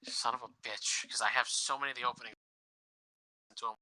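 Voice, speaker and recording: A man's voice: medium pitch, steady tone, a little fast, bright, forceful tone, dry recording, poor audio. A man co-hosting a podcast, telling stories in casual chat, swearing freely and laughing often. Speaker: podcast host.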